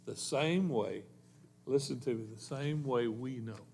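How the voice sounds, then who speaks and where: A man preaches a sermon in a church. His delivery is earnest and homespun, full of country expressions, and his voice sits at an ordinary middle pitch. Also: a little slow, creaky, a little mellow, slightly rough. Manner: folksy, earnest preaching with rural turns of phrase. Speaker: pastor.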